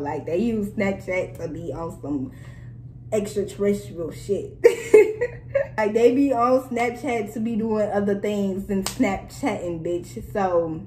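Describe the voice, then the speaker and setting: A young woman vlogger retelling a story in a casual, animated and profane way. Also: lowish voice, roomy sound, slight background noise, low-quality recording. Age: young adult. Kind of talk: storytime vlog, casual chat.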